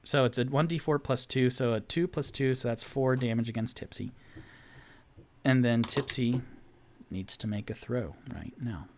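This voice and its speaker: A man running a solo tabletop game on a live stream, narrating and talking through dice rolls with excitable asides. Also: medium pitch, normal speed, a little hiss or hum. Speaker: game master.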